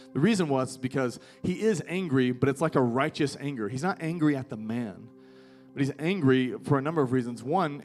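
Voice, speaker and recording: Speaking before a live audience in a church hall, a male pastor in his thirties gives a sermon that begins conversationally and builds to emphasis. His voice sits in the mid range with a somewhat dark tone.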